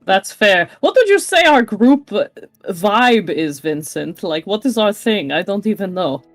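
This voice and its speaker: A woman's voice: mid-range voice, sing-song, unhurried, soft background music. A woman playing a tabletop game, casual and playful. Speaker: player.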